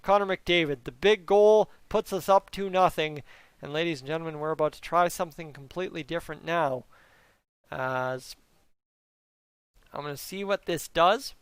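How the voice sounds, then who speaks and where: A man's voice: on the high side, moderate pace, smooth, no echo. Chatty man live-streaming hockey. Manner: chatty, talks to chat, does play-by-play. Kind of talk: casual live-stream commentary. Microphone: close mic.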